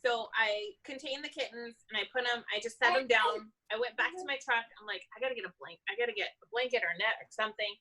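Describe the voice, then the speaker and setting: A woman, an animal control officer, telling an animated story in a casual interview and laughing often. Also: fairly high pitch, fast talker, hardly any pauses, rough recording.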